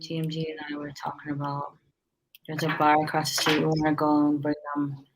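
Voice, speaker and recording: She's a yawning, exhausted woman who runs a restaurant, casually sharing business advice in a meandering way with many fillers and restarts. The delivery is low-pitched, brisk and completely flat, with background noise behind her.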